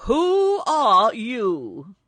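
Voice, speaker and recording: A woman reading a storybook, voicing a shaggy, protective man who calls out loudly. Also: on the low side, sing-song, slow pace, no echo, full character voice. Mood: calling. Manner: calling out loud.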